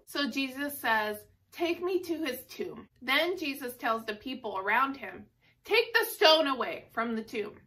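Sunday school lady telling kids a story, bright voice, bit far off the mic. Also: fairly high pitch. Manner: animated, acts out characters' lines. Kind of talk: storytelling lesson for children.

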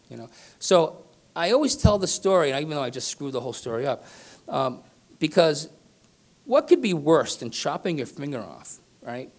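A middle-aged man tells stories at a business gathering, his voice sitting a little high. He rambles, loses his thread and laughs at himself, leaning on "right?" and "you know". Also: very animated, brisk. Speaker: business speaker. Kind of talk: storytelling keynote speech. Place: conference room with live audience.

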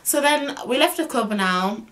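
A woman's voice: fairly high pitch, a little slow. Chatty young woman telling a story. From Birmingham, England. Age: young adult. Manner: chatty, animated, swears freely. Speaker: vlogger. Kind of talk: casual storytime.

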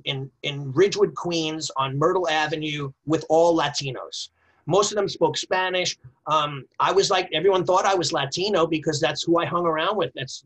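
A middle-aged man, a martial arts instructor and guest, telling stories from his training in an emphatic, animated way. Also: on the high side, slightly rough, rough recording. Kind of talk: storytelling conversation.

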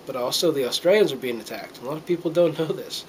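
A man's voice: a little high, expressive, fast, a little hiss or hum, poor audio. A middle-aged man from the United States talking to a handheld camera in a casual, earnest monologue, rambling with many fillers and restarts and getting a little choked up. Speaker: vlogger.

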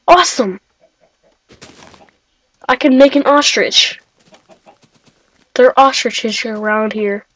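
A young woman giving excitable, chatty let's-play commentary, talking to herself and shrieking when startled. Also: a little high, slow, long pauses, no echo, poor audio. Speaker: gaming video creator.

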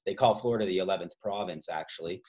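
A man's voice: low-pitched, quick pace, darkish tone. A man from Canada hosting a travel trivia game over a video call, rambling through side stories with many fillers. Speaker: trivia host and tour guide.

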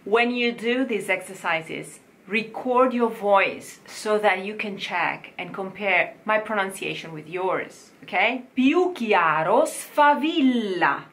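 A woman leads a diction lesson for singers. She speaks at a slow, deliberate pace and drills each word several times so the listener can copy it. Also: medium pitch, fairly bright tone.

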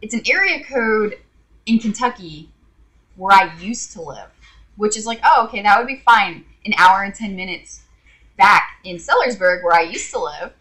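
A woman's voice: medium pitch, expressive, moderate pace, a bit bright. A woman vlogger telling an exasperated, sarcastic story to her viewers in a casual rant. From Indiana.

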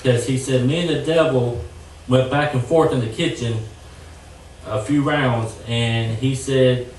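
Young male churchgoer, earnest testimony, halting with fillers, distant and echoey. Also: medium pitch, steady tone, a little mellow, a little hiss or hum. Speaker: church member giving testimony. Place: church sanctuary.

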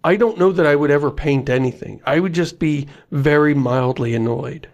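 Guy with a gravelly voice on a podcast, joking about himself, laughing a lot. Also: a little high, normal speed. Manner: jokey, self-mocking, laughs often. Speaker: podcast co-host. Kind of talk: casual chat.

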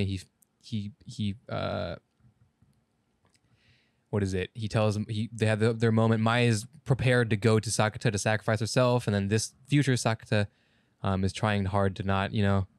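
A lowish-voiced man co-hosts a podcast, talking loosely about an anime plot, backtracking to fix his own mistakes and cursing now and then. The recording is dry and studio-clean.

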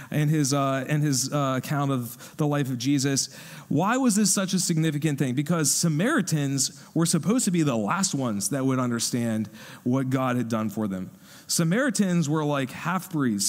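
A man preaching a sermon, with a voice a bit higher than most men's. He speaks conversationally, and he grows animated when he acts out voices. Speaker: pastor.

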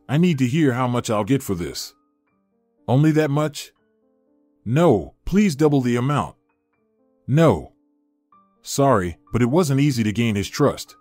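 A man's voice: mid-range voice, a little mellow, no echo. A sneering, scheming businessman, as a male narrator puts him on. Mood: sly. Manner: sneering and contemptuous. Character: scheming, mocking middle-aged male business partner.

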